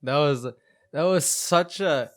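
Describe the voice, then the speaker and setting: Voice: mid-range voice, slow. A podcast co-host talking casually about an anime episode. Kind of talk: casual chat.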